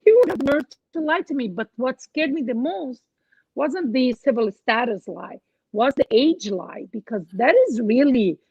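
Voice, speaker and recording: Husky-voiced woman telling a story. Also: high-pitched, normal speed, no echo, dull audio. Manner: animated, quotes others in her stories. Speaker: guest co-host. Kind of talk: casual storytelling.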